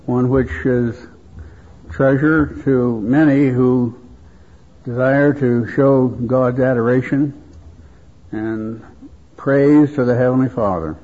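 A man preaching a sermon at a convention, speaking in a slow, measured, reverent way. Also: mid-range voice, fairly even intonation. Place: convention hall. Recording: tinny phone-like convention recording.

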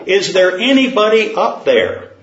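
A preacher voicing a panicked man clinging to a cliff, yelling frantically in a raised voice. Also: lively intonation, takes it slowly, full character voice. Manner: frantic high-pitched yelling. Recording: roomy, dull sound.

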